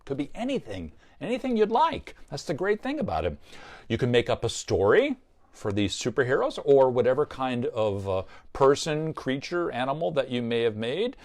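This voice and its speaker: Man, kids' craft tutorial host, lively up-and-down delivery, chatty, step-by-step. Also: mid-range voice, moderate pace. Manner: upbeat, chatty, explains step by step. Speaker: puppeteer and craft show host.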